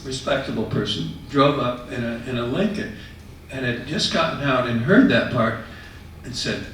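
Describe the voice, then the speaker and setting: A man telling a lively personal story to a live audience. His voice sounds distant from the mic, wrapped in heavy room echo with a faint hiss underneath. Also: mid-range voice, normal speed. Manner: conversational, animated retelling. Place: retirement residence common room. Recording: echoey room, mic far off.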